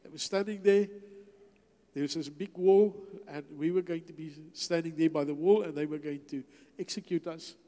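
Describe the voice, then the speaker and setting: An older man tells his testimony in a church hall and acts out every exchange as he goes. His voice sits a touch high for a man but sounds mellow and unforced. A long reverb trails behind each phrase. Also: normal speed. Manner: storytelling, acts out dialogue. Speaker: guest speaker. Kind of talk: testimony sermon.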